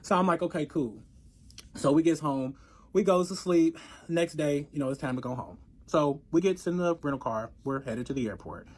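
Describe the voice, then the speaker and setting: A man telling a story in casual chat, animated and profane, acting out both sides of the arguments. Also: on the high side, moderate pace.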